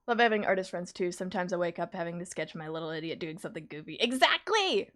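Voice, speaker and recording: Woman streamer, casual chat while drawing, chatty, animated, quick to laugh. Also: fairly low pitch. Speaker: artist streamer.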